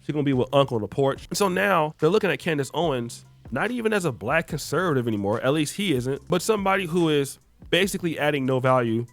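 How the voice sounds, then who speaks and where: A man's voice: on the high side, expressive, fast talker, vocal fry, no echo. A man hosting reaction commentary, explaining clips in a conversational way. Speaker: commentary host. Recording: faint background music.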